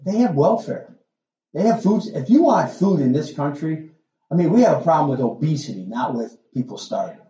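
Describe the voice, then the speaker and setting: A man's voice: a little high, lively intonation, normal speed, mellow, reverberant, highs cut off. A middle-aged male pastor preaching a sermon in a folksy, conversational way, full of asides and rhetorical questions.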